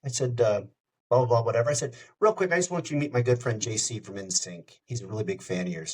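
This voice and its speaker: A man's voice: mid-range voice, quick pace, low-quality recording. A middle-aged man, a radio host, telling stories casually on a podcast and acting out the voices he quotes. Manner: animated anecdote-teller, acts out quoted voices. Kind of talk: casual storytelling.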